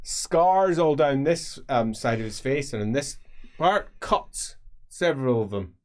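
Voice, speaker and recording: A man narrating and running a tabletop role-playing game as game master, often pausing on fillers as he describes the scene. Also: medium pitch, lively intonation. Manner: hesitant, many fillers.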